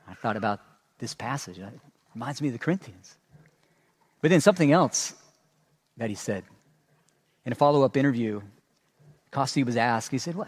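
A man preaching a sermon as a pastor, telling stories and acting out sarcastic asides. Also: on the high side. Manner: animated storytelling with sarcastic asides.

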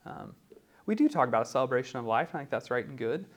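A man preaching in a conversational teaching style, often pausing with "um" and asking "right?". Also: mid-range voice, expressive. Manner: conversational, many ums and rhetorical "right?". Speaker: pastor teaching a class. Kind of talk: teaching sermon.

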